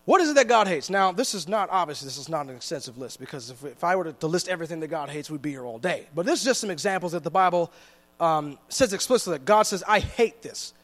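Man, high voice, sermon, conversational and joking, slow emphatic scripture reading, long church reverb. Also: animated, fairly bright tone. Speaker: preacher.

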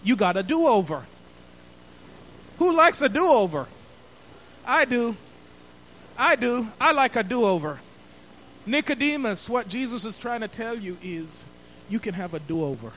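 Bright high-voiced male preacher. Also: big pitch swings, unhurried, pauses often, slight background noise. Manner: emphatic, repeats key phrases for stress. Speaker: pastor. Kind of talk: sermon.

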